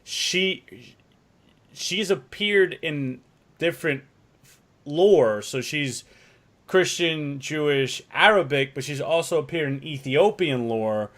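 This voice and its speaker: A man's voice: on the high side, animated, takes it slowly, a bit bright. A man co-hosting a casual chat podcast, rambling and swearing freely. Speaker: podcast co-host.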